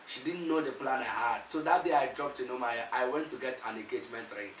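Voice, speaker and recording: A man's voice: mid-range voice, fast, distant mic, slight background noise. Nigerian preacher man in an echoey room. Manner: animated storytelling, repeats words when restarting. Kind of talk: motivational testimony.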